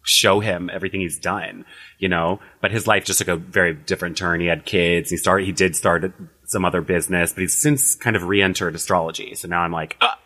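A man's voice: low-pitched, fairly even intonation, a little fast, bright, forceful tone. A man telling his life story in a casual interview, chatty and full of "like" fillers. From United States. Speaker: astrologer, podcast guest.

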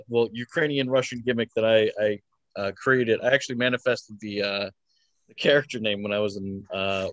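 A man's voice: on the low side, no echo. A man in his twenties, a wrestler answering interview questions casually, hesitant and full of fillers, chuckling often. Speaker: wrestler guest.

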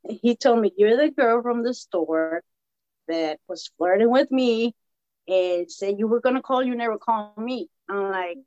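On a podcast, a woman with a Latina American English accent casually tells the host how she met her husband. She is animated and acts out every line of dialogue. Her voice is a little high at a moderate pace, and the audio is dull with no echo.

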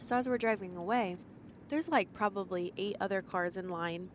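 A woman at a middle pitch co-hosts a relaxed podcast from inside a car. She jokes around and laughs easily while telling the story. A light background hiss runs underneath. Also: moderate pace. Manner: laughs often, jokey. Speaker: podcast co-host. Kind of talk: casual chat. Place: in a parked car.

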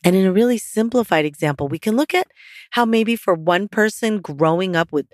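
Husky-voiced woman hosting a podcast. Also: medium pitch, a little fast, no echo, clean studio sound. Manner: casual and chatty, with laughs and "like" fillers. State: hoarse from losing her voice. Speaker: podcast host. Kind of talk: solo podcast talk on psychology and mindfulness.

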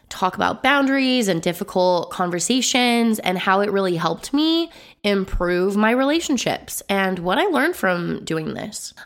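A woman hosts her own solo podcast at an unhurried pace and medium pitch, her voice slightly hoarse and not yet fully recovered. A business coach, she stays upbeat and chatty, rolling through long lists of points in quick runs.

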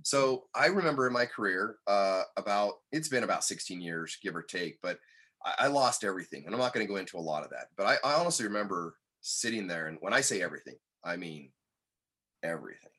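A man guest on a podcast, telling a personal story in an earnest, candid way that turns animated when he quotes others. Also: low-pitched, fast talker, slightly rough.

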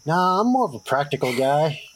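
A young man playing a tabletop game, joking and relaxed in casual banter. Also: fairly high pitch, brisk, slight background noise. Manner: joking, laid-back. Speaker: player.

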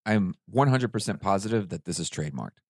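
A man's voice: deep voice, expressive, brisk, dry recording, studio quality. A man hosting a podcast in casual chat, steering the topics and laughing often. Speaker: podcast host reading questions.

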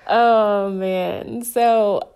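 A woman's voice: medium pitch, fairly even intonation, very slow, darkish tone, clear, resonant tone. A woman sommelier telling her story in a casual interview, candid and chatty, often saying "like". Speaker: sommelier guest.

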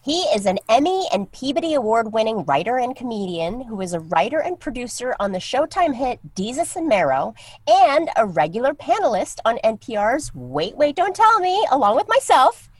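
Bubbly woman with a lively voice. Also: on the high side, moderate pace, no echo. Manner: bubbly, laughs often. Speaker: co-host. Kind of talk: casual chat.

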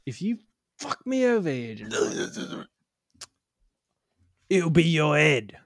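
A man's voice: medium pitch, no room sound, studio quality, natural voice. A man playing a bossy boss who leans in and lays down the law to his new driver, in an improvised comedy scene. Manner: bossy, conspiratorial, fast-talking. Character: gruff middle-aged male boss hiring a driver.

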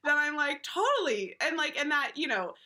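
A woman co-hosting a podcast in casual chat, animated and acting out the voices she quotes. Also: high voice, a little fast. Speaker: podcast co-host.

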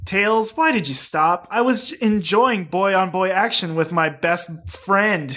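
A man voicing Sonic, a lovestruck male hedgehog, in a deadpan comic fan-fiction reading close to his own voice. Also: high voice, measured pace. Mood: deadpan earnest.

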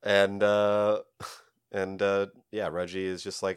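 A man co-hosting a casual podcast chat, animated and giggly, filling gaps with ums. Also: lowish voice, slow pace, smooth, dry recording, clean studio sound. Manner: animated, giggly, trails off with filler words. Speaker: podcast co-host. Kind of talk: casual chat about comics.

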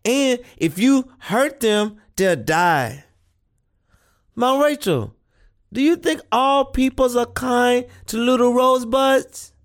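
A woman voicing an earnest, thoughtful seven-year-old boy, who speaks slowly and questioningly in an audio play reading. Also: on the high side, animated. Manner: slow, earnest childlike questioning.

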